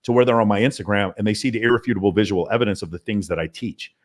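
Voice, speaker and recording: A man talking as a podcast guest about his sales team, in an emphatic, profane, rapid-fire way. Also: on the low side, steady tone. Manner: emphatic, profane, talks in long runs. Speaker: podcast guest, mentoring business owner. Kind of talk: casual podcast interview.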